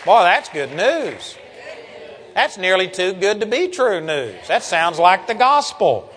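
A man's voice: high-pitched, very animated, slow, fairly bright tone, in a large hall, a faint crowd. An older man preaching a sermon, reading scripture and teaching with earnest emphasis.

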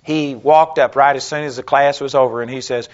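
A man teaching scripture in a relaxed, story-driven way, his voice sitting at an ordinary middle pitch. He rises and pushes harder whenever he acts out what he said to someone. The recording is dull and lo-fi. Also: brisk. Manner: conversational storytelling, gets loud and animated when quoting himself. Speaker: bible teacher. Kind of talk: sermon-style teaching with personal stories.

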